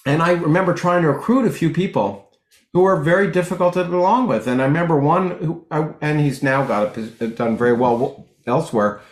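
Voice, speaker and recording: A middle-aged man, a physicist guest in an interview, talking in long rambling stretches full of restarts and lively anecdotes. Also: fairly high pitch, a little fast, reverberant. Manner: rambling with many restarts, animated when telling jokes. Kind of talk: conversational interview, anecdotal storytelling.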